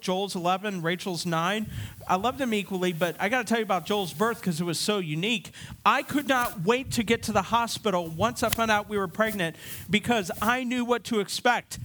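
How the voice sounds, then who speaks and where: A man in his thirties preaching a sermon, telling a funny family story with animated, self-deprecating delivery. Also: high voice, no echo. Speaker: pastor.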